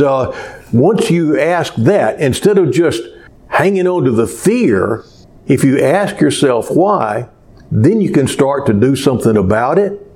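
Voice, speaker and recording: Slow-spoken man preaching a sermon. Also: on the high side, a little mellow. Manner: slow, measured preaching with rising emphasis. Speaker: pastor. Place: small church.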